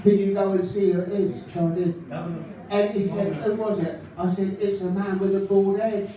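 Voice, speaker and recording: A nervous, giggling stand-up comedian stumbles happily from joke to joke, as a man impersonates him on stage. The voice sits high and mellow. It is caught from far off in a very echoey hall. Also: flat delivery, moderate pace, slight background noise, close to an everyday voice. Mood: giggly. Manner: nervous laughing, rambling gag delivery. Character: giggly, rambling male stand-up comedian impression. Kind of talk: live stand-up impression. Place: live concert venue.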